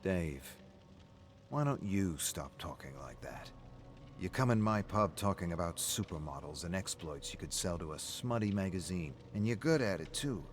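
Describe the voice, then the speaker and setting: A man voicing a calm, wry pub-owner friend who needles with dry, steady remarks. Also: deep voice, normal speed, slight background noise.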